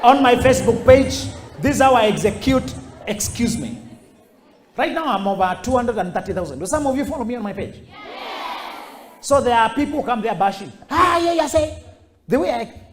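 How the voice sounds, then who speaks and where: A middle-aged man giving a motivational speech to high school students and acting out the people he quotes. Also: fairly quick, some chatter behind. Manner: animated, acts out quoted voices. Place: school hall. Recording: echoey hall.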